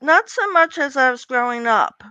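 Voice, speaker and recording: A woman's voice: sits high, lively intonation, normal speed, sharp tone, smooth, dry recording, muffled recording. An older woman from Pennsylvania, a guest author telling personal stories in a casual interview and acting out the voices of people she quotes. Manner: chatty, acts out quoted voices.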